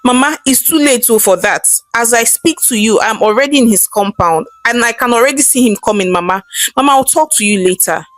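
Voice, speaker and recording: A woman's voice: fairly high pitch, a little fast, hardly any pauses, no echo, lightly acted. Woman doing betrayed husband, strained, tearful, folktale. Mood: urgent. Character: betrayed young husband, anguished and angry.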